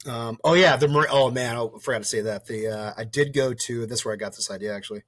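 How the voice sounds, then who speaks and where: A man of about forty is telling a long personal story in a relaxed interview. His voice sits in the middle range and is recorded close and dry. He wanders, backs up to fix details, swears casually and voices the people in his story. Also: mid-range voice, fast talker, no echo. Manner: rambling, restarts and corrects himself often; casual and profane, acts out quoted dialogue. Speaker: podcast guest, former soldier and wildland firefighter.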